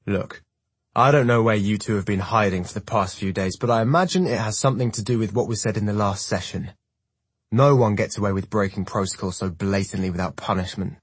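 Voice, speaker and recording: A man's voice: fairly low pitch, breathy edge, dry recording. A man doing a sneering young rival. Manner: sneering, taunting. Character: mocking young male squad rival.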